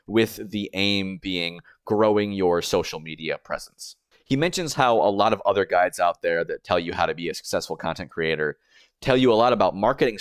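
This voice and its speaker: A man's voice: deep voice, smooth, no room sound. Man narrating a dry video essay. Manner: explanatory, step-by-step. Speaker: streamer and YouTuber.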